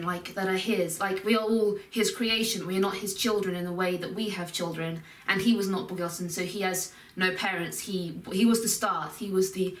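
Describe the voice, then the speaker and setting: A woman's voice: mid-range voice, a bit bright. A woman teaching a step-by-step recitation lesson, explaining patiently and carefully and drawing out example sounds. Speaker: Quran teacher. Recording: echoey room, voice from a distance.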